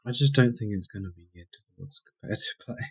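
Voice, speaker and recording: A man's voice: lowish voice, fast, creaky, husky. A man co-hosting a casual gaming podcast, talking in a blunt, dry way. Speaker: podcast co-host.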